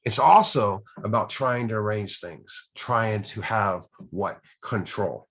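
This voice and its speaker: Earnest study-group leader, man, husky and low, likes rhetorical questions. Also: slow, a bit bright. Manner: earnest, rhetorical questions, repeats key words. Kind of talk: informal teaching on a recovery text.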